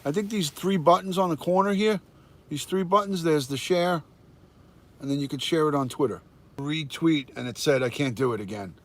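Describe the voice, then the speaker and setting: Speaking at a normal speed in a fairly high voice, this older American man runs a relaxed phone live stream. A retired detective turned livestream host, he happily welcomes viewers by name and announces the viewer count.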